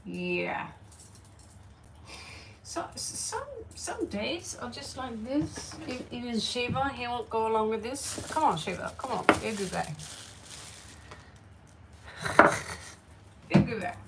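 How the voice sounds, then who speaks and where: A woman's voice: fairly high pitch, lively intonation, takes it slowly, gravelly, long pauses, distant mic, noisy background. A woman hosting a live tarot stream from a cluttered room at home, chatting in a rambling, distracted way, often swearing and laughing, picked up by a phone on a tripod.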